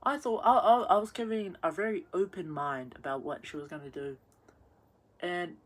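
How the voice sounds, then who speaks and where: A young woman, drunk, rambling through a messy personal rant with many restarts and stumbles. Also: deep voice. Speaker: vlogger.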